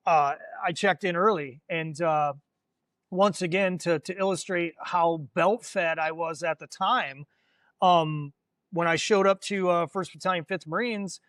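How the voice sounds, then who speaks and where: A man's voice: fairly high pitch, a bit bright, dry recording. A man in his forties, a former Marine, telling stories casually with lots of fillers and swearing. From United States. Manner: rambling, lots of fillers and profanity. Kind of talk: casual storytelling.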